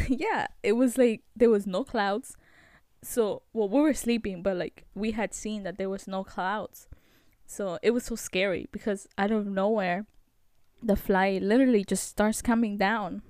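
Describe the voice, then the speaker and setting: A young woman hosting a vlog, telling a story in a chatty, animated way with lots of fillers. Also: mid-range voice, unhurried, no room sound, clean studio sound. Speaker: vlog host.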